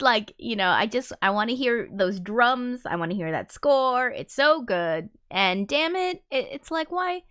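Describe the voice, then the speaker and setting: A musician hanging out with her live-stream audience reads their comments aloud while rambling, swearing, and using lots of fillers. She has a fairly high, slightly bright, smooth voice.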